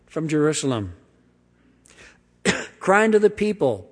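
A man's voice: big pitch swings, measured pace, pauses often. Man preaching in a reverberant hall. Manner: emphatic reading with big swings of pitch and volume, dropping to quiet asides. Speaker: pastor. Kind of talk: sermon, reading and expounding scripture.

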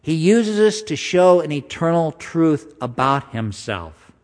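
A man preaching a sermon in a conversational style, slowing down for emphasis and acting out voices. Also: fairly high pitch, big pitch swings, darkish tone. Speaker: pastor. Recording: long hall reverb.

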